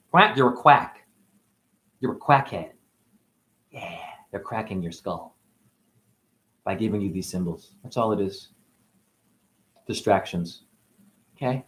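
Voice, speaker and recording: A man's voice: low-pitched, measured pace, pauses often. A man acting as a spiritual teacher, talking through a rambling monologue with free-associating wordplay and musing asides.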